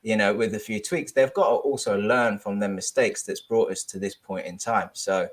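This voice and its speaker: Low-voiced male panelist who talks things through in an easy way. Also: normal speed. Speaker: panel guest. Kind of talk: casual discussion.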